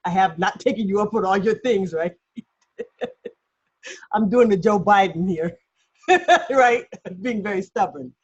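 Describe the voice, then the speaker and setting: A woman acting coach talks through a mini lesson over a video call, chatty and self-deprecating, laughing as she goes. Her voice sits mid-pitch, and the call audio sounds dull and lo-fi. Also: unhurried, long pauses, husky.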